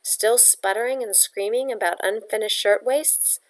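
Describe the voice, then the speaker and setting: A woman reading a novel aloud in a steady, plain storytelling voice. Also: medium pitch, normal speed. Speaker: audiobook reader.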